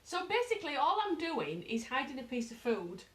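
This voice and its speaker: A British woman giving a casual live dog-training lesson at home, chatting to viewers and breaking into high-pitched praise for her dog. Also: sing-song, moderate pace, fairly bright tone. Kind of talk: live-streamed training demo.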